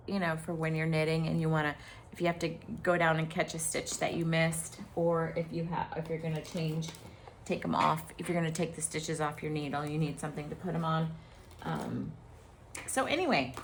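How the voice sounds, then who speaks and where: A middle-aged woman chatting casually to her viewers about her crafting finds, excitable and full of fillers. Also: sits low, gravelly, slight background noise. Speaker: crochet vlogger.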